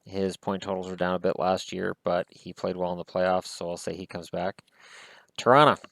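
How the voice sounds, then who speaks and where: A man's voice: low-pitched, completely flat delivery, normal speed, vocal fry, dry recording. A man giving casual solo hockey commentary in a rambling, wry way, with self-deprecating asides.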